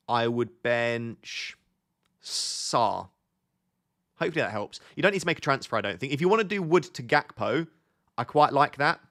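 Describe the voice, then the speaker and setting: On his live stream, a man with a mid-range, fairly bright voice talks fantasy football in a relaxed way, reading viewers' questions aloud and responding to each.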